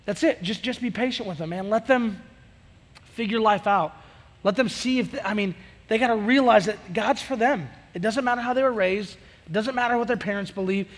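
A man preaching a sermon as a youth pastor, energetic and conversational, acting out bits of dialogue. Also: high-pitched, brisk, in a large hall.

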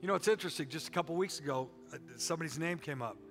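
A man's voice: fairly high pitch, rapid-fire, soft background music. A middle-aged man preaching a sermon with a folksy, joking and emphatic delivery. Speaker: pastor.

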